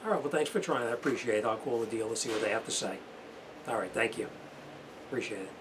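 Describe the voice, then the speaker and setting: In his noisy repair shop, a middle-aged mechanic with a lowish voice talks fast while demonstrating a repair, keeping it plain, chatty and full of filler words.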